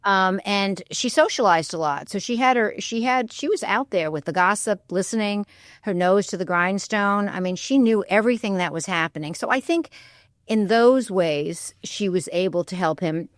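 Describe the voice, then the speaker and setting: A woman's voice: medium pitch, moderate pace, no room sound, studio quality. A woman historian speaking as a guest on a radio interview, thoughtful and candid, often weighing her views with "I think.". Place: radio studio.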